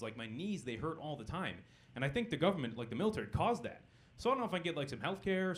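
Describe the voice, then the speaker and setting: Performing stand-up in a club, a young man with a voice on the high side delivers deadpan punchlines and chats with the crowd.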